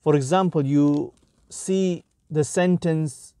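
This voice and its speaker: A man giving a grammar lesson at an unhurried, measured pace, his voice mellow and low in brightness. He works through the explanation in short, careful phrases. The sound is dry and close, with no room echo. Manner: slow, deliberate, breaks sentences into short phrases. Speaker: Arabic grammar teacher.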